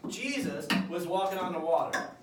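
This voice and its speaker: Lively man telling kids a Bible story. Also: sits high, normal speed, over a noisy crowd. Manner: lively, acts out characters with loud shouts. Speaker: children's church teacher. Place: church classroom with children. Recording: echoey room, distant mic, noisy.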